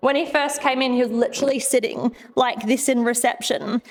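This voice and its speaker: Woman, chiropractor, chatty live talk, laughs often, higher voice, echoey room. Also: fairly even intonation, moderate pace. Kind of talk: live presentation with slides. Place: room with an audience. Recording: echoey room, faint background noise.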